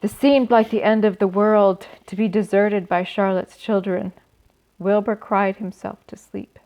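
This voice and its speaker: A woman reading a children's book aloud in a gentle, expressive way, adding small asides for her listeners. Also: mid-range voice, a little slow. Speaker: storyteller. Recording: slightly dull recording.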